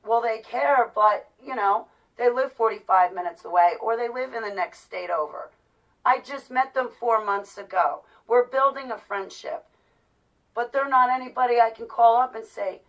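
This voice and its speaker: A middle-aged woman with a somewhat high voice vents in a raw personal monologue. She rises into loud outbursts and then sinks into low murmurs. She sits a little back from the mic, so the sound is slightly distant. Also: moderate pace, muffled recording. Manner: agitated, ranting, swings between loud outbursts and low murmurs. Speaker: vlogger.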